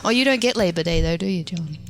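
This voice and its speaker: A woman's voice: lowish voice, animated, quick pace, rough recording. Woman with a New Zealand accent. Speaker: guest. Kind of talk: casual chat.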